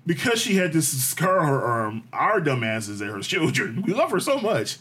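A man co-hosting a podcast, telling family stories in a casual, animated way, swearing freely and laughing often. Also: a little high, moderate pace, slightly rough. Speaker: podcast co-host. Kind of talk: casual chat.

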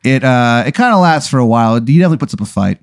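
A man's voice: medium pitch, animated, racing, dry recording, clean studio sound. A man narrating an improvised tabletop game as game master, casual, with many fillers and swearing.

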